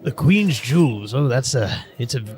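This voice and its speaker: A man voicing Titus, a male bartender who has spent years at sea, speaking in a halting, hesitant way. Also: mid-range voice, animated, noisy background, natural voice. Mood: calm.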